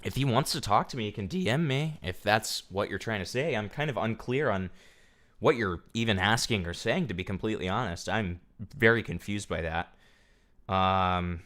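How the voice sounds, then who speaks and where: Low-voiced man ranting to his stream. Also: lively intonation, normal speed, fairly bright tone. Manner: profane, ranting storytelling to chat. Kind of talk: casual livestream chat.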